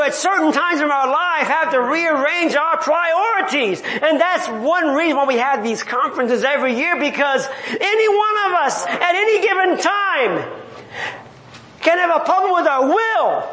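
High-voiced man preaching in an echoey hall. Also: lively intonation, moderate pace, sharp tone. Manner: emphatic, rhetorical questions, chuckling asides. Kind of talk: sermon. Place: church or conference hall. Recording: echoey hall with faint ambience.

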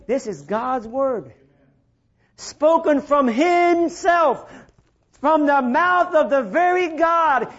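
High-voiced preacher, shouting then hushed. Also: male voice, dull audio. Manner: swings from shouting to hushed low delivery. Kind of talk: sermon.

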